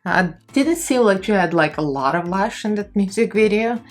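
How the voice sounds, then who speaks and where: Animated and at a normal speed, a young Russian-accented woman with a mid-range voice talks her way through a makeup tutorial. This vlogger laughs a lot and keeps her phrasing loose and relaxed.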